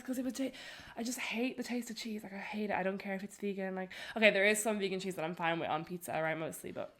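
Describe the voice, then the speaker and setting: Girl on a podcast, bright voice, laughs a lot, says like constantly. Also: mid-range voice, fast. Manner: animated, laughing storyteller with lots of "like". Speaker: podcast co-host. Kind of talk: casual storytelling chat.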